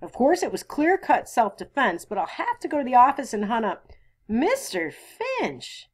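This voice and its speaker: A woman's voice: high-pitched, huge pitch swings, normal speed, voice pushed up, exaggerated voice. A woman reading the part of a principled small-town lawyer and father, earnest, firm and courteous.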